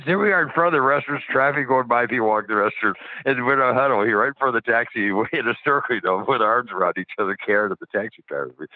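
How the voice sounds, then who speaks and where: A man's voice: medium pitch, animated, quick pace, no echo. A man speaking as a guest on a radio interview, telling faith stories in a passionate, eager way and often restarting his sentences. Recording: dry, tinny phone-like radio sound.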